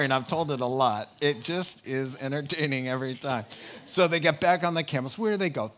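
A male preacher giving a sermon, telling stories lively and with animated asides. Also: on the high side.

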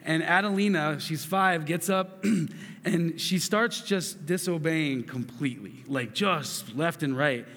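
A man's voice: fairly high pitch, slow, fairly bright tone, big-room sound. A man in his thirties giving a sermon, telling a family story with earnest asides and frequent restarts. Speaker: pastor.

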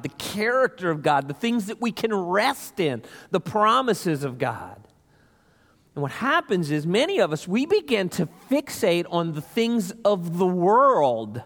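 A man's voice: high-pitched, a bit bright. A man preaching a sermon as pastor, emphatic and repetitive, calling out questions to the congregation. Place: church sanctuary. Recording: long reverb of a church hall.

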